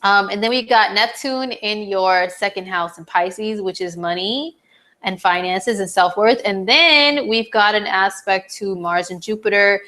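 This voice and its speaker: A woman hosting a live horoscope stream in a casual, chatty way, full of "like" and "um", her voice slightly hoarse. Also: medium pitch, measured pace, sharp tone. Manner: chatty, lots of "like" and "um", reads viewer comments aloud.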